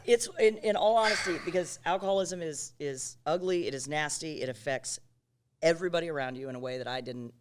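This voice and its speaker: A middle-aged woman, a radio talk show co-host, telling a story in a podcast interview, animated and acting out what was said. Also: low-pitched, fairly quick, background noise. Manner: animated storyteller who acts out quotes, rising to near shouting.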